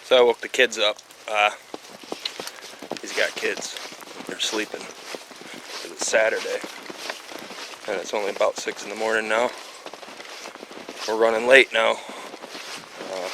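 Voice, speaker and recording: Easygoing man with a low voice outdoors. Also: little pitch movement, slow pace, pauses often, noisy background. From Michigan. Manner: easygoing, chatty, many fillers. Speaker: fishing show host. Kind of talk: casual outdoor vlog chat. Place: outdoors, on a rural lake.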